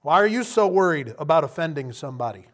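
Preacher, male, high voice, animated delivery that swells to loud emphatic bursts. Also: fast talker. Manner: direct questions to the listener. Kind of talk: sermon.

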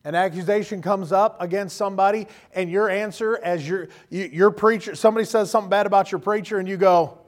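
A man's voice: high voice, fairly even intonation, fast talker, hardly any pauses. A man preaching a sermon in a folksy, joking way, acting out quoted voices. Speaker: pastor.

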